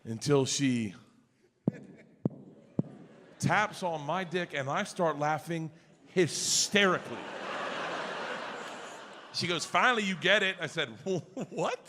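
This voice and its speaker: A man doing a stand-up comedy set, telling a story loudly and acting out the other people in it with shouted voices. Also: fairly high pitch, slow pace, long pauses, background noise. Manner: loud, animated storytelling that jumps into shouted voices. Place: comedy club stage before an audience.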